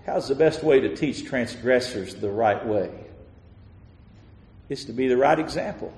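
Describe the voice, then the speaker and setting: A man preaching a sermon in a church, pleading and passionate, then dropping to a hushed, intimate tone. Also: medium pitch, unhurried. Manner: impassioned, swings from loud pleading to hushed near-murmur. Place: church sanctuary. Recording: echoey hall with long reverb.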